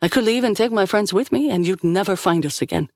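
Calm proud sorceress , a woman putting her on, earnest. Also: mid-range voice, fast talker, dry recording, clean studio sound, pitched above the performer's own voice, lightly acted.

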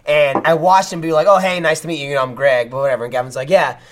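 A man with a somewhat high voice chats casually on a podcast. He tells stories with energy and breaks into loud shouted quotes of the people in them. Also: fast. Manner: animated, acts out quotes with loud outbursts. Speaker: podcast co-host. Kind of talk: casual chat, storytelling.

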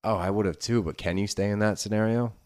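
A man with a very deep voice co-hosts a podcast. He talks casually, swears freely and laughs easily, then gets worked up when something bothers him. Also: fairly even intonation, quick pace, a little mellow. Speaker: podcast co-host. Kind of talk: casual chat recapping a reality show.

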